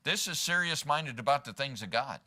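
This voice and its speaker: A man gives a sermon as pastor in a church sanctuary with a medium-pitched voice that's expressive, bright and forceful, at normal speed. The delivery is conversational, with frequent rhetorical "right?" aimed at the congregation.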